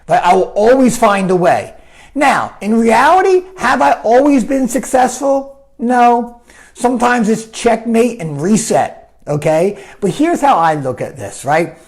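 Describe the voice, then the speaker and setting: Animated male life coach, lively pitch. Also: a little slow. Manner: animated, keeps asking "right?", acts out quoted voices. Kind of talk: live coaching talk answering viewer comments.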